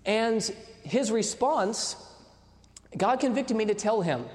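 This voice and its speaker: A man's voice: high-pitched, expressive, slow pace, pauses often, a little mellow. A man in his thirties preaching a sermon, telling a story with quoted dialogue and putting questions to the congregation. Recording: long hall reverb.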